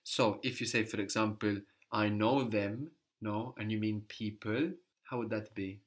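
A man's voice: fairly low pitch, steady tone, unhurried. A man teaching a language lesson, patiently prompting a student and repeating her answers.

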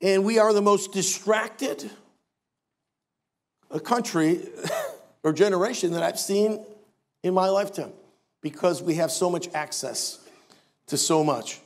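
A man's voice: sits high, measured pace, pauses often. An older man preaching a sermon as pastor, emphatic with wry asides.

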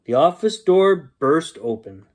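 Guy reading a kids picture book at bedtime, really animated, warm mellow voice. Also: fairly high pitch, unhurried, husky. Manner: lively, expressive bedtime reading. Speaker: storyteller.

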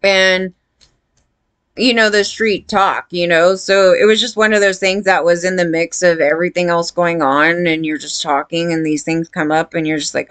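A woman's voice: lowish voice, fairly even intonation, normal speed, a bit bright, smooth, dry recording. A woman talking to her viewers in a rambling, indignant casual monologue, full of fillers. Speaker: vlogger.

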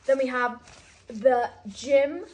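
High, slow-talking young woman gushing. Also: darkish tone. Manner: gasping, gushing exclamations. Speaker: brand ambassador unboxing a package. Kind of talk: casual unboxing chat.

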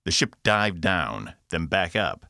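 A man, the author, narrating his own science fiction audiobook with expressive delivery. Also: low-pitched, takes it slowly, creaky, no room sound, studio quality. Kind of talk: scripted narration.

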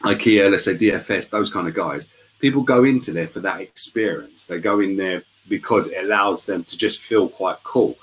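A man chatting as a guest in a casual live interview over a video call, telling stories in a lively, talkative way. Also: low voice, moderate pace, poor audio.

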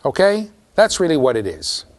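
A man with a fairly high voice whose pitch swoops wildly gives a university lecture to a large class at a normal pace. He's playful and addresses his students directly, mixing the lecture with a live demonstration.

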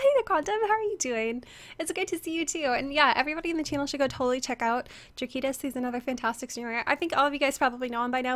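A woman's voice: high-pitched, a bit bright. A young woman streaming a game and chatting with viewers, her voice strained from screaming the day before, full of fillers as she greets people by name. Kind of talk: casual chat with viewers. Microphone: headset.

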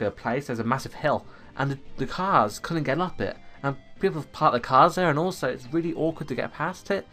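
A man's voice: medium pitch, fairly bright tone. Teen boy, rambling gameplay chat, desktop USB mic, faint music behind. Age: teens. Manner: rambling, chatty storytelling. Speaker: gaming YouTuber. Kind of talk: casual gameplay commentary. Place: home room. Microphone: USB desktop microphone.

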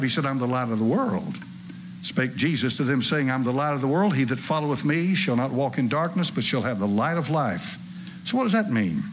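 A man, preaching a sermon to a church congregation in a folksy, animated way with asides to the crowd. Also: on the high side, slight background noise. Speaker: pastor. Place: church sanctuary.

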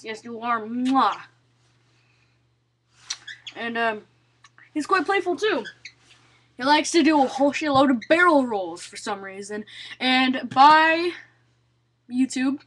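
Young woman, high-pitched, casual home vlog, chatty, coos at pets. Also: fairly bright tone. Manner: chatty, talks baby talk to pets. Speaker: vlogger. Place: at home indoors.

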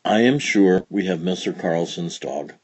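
A man reading a children's storybook aloud, voicing a gentle, patient mother who talks softly, calm and kindly firm. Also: deep voice, a little slow, slightly rough, no echo.

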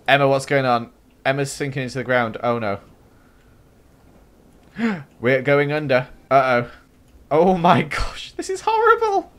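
A young man giving excitable gameplay commentary as a gaming YouTuber, with dramatic exclamations and gasps. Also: medium pitch. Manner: animated, exclaims and gasps often, dramatic reactions.

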